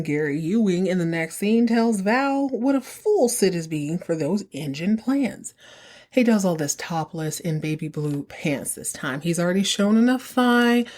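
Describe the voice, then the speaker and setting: A woman hosts a podcast and recaps episodes in casual, chatty tones. She keeps things sassy, slipping in quick asides along the way. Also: on the low side, a little mellow. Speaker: podcast host.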